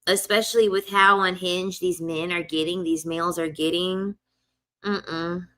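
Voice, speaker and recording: A woman's voice: lowish voice, fairly even intonation, measured pace, a bit bright. A young woman telling a casual storytime rant, blunt and profane, repeating lines for emphasis. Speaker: vlogger.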